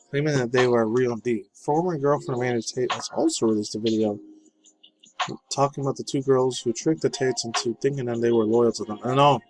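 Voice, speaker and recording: Man, casual news commentary, laid-back, profane, rambling, mid-pitched, lofi music behind. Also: low-quality recording. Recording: voice over lofi background music.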